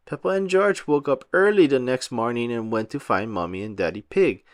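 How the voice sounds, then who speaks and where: A man reading a children's picture book aloud with an animated, sing-song delivery. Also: medium pitch, fairly quick, few pauses, smooth, no room sound, studio quality. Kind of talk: read-aloud storytelling for children.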